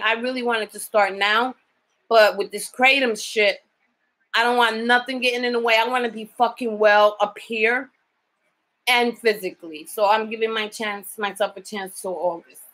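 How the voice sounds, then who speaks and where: A woman's voice: a little high, fairly even intonation, moderate pace, fairly bright tone, rough recording. Blunt, tired woman venting on camera. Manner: blunt, swears freely while venting. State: tired from lack of sleep. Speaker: home caregiver. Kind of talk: casual video diary.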